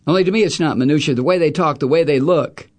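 A man's voice: a little high, fast talker, a little mellow. A middle-aged man hosting a talk radio show, ranting about politics in an angry, profane, sarcastic way. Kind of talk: political rant.

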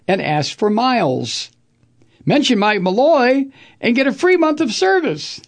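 Profane, heated talk radio host. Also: male voice, high voice, very animated, normal speed. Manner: profane, heated, sarcastic, mocking impressions. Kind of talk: angry political talk show monologue.

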